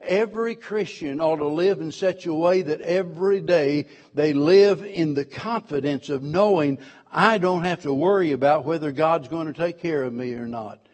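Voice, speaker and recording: A man's voice: fairly high pitch, normal speed, darkish tone. A man preaching a sermon, emphatic, repeating key words and quoting scripture in old-fashioned wording.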